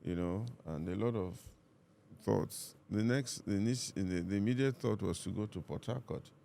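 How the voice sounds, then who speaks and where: A Nigerian pastor, a man, calmly telling a personal story in conversation and acting out what each person said. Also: lowish voice, vocal fry, a little hiss or hum. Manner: calm, measured, reenacts dialogue.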